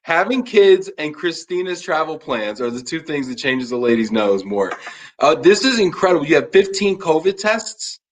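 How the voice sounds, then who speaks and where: A man hosting a casual live show, teasing his guest with quick jokes and an animated delivery. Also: a little high, slight background noise. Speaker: podcast host. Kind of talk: casual chat. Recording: tinny phone-like call audio.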